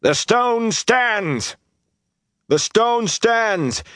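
A man voicing a young male swordsman who shouts defiant battle cries in an audiobook. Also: sits high, animated, drawn-out words, no room sound, clean studio sound, voice pushed up, full character voice.

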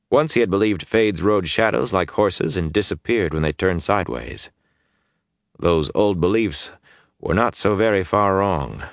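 A man's voice: low-pitched, dry recording, studio quality. A man narrating a fantasy audiobook with intense, dynamic storytelling that swells through the battle scenes.

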